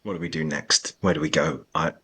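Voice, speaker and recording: Man as a deep, husky, grieving warrior, slow and halting, a bit off-mic. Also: little pitch movement, bright, forceful tone, full character voice. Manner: halting, grief-stricken. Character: grieving male warrior, lost and brooding.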